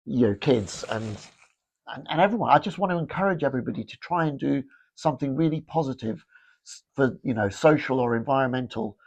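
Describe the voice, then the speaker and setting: A middle-aged man, a fashion brand founder, telling rambling, animated anecdotes with lots of restarts in a casual interview. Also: medium pitch, a little fast, no room sound.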